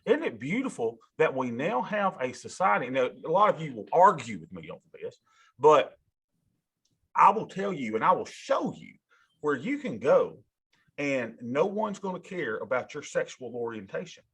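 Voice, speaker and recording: Man, college lecture, lively swinging pitch, slightly husky, folksy and direct. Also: normal speed. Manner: animated, talks to students directly, folksy asides. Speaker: college instructor. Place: classroom.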